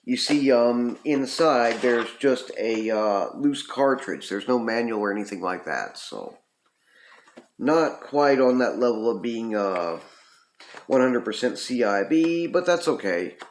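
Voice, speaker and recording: A man's voice: mid-range voice, expressive, unhurried, slight background noise. Rambling man in a roomy echo. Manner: rambling, frequent ums and uhs. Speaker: retro game reviewer. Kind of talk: casual game review.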